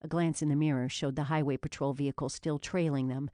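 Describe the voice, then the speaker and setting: Low-voiced woman narrating an audiobook. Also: steady tone, brisk, mellow, dry recording, clean studio sound.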